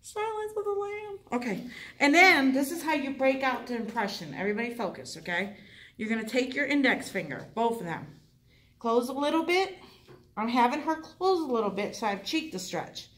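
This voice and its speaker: A woman teaching a hands-on dental class, chatty and encouraging with quick asides. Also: a little high, expressive, fairly bright tone. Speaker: dental assisting instructor. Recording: echoey room, voice from far off.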